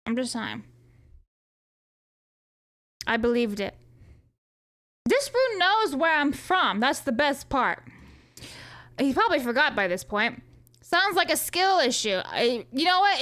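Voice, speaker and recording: High-voiced, profane woman streamer. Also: big pitch swings, unhurried, pauses often, a bit bright. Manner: joking, profane, chatty; reads viewer chat aloud and answers. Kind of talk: casual live-stream chat.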